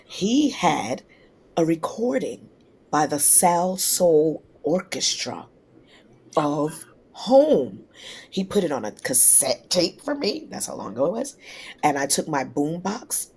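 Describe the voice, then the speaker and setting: A singer from New York City, a woman, telling lively stories in a casual interview and acting out the people she quotes. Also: low-pitched, takes it slowly, husky. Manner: lively anecdotes, acts out quoted voices. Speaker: singer guest.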